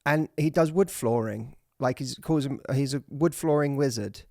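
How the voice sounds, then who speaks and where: A man hosting a podcast in a playful, teasing, animated way. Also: medium pitch, moderate pace, no echo, studio quality. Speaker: podcast host. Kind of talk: casual chat.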